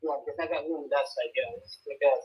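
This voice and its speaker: A man's voice: a little high, fairly even intonation, fast talker, dull audio. A man, a homeowner, asking hesitant questions about where the pool equipment will go. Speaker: homeowner client. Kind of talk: casual client meeting.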